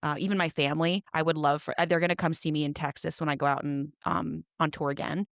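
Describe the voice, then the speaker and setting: A woman's voice: deep voice, fairly even intonation, quick pace, creaky, no echo, clean studio sound. A young woman co-hosting a podcast, chatting casually and telling stories with dramatic flair. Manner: chatty, dramatic storytelling with acted-out quotes. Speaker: podcast co-host. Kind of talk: casual chat.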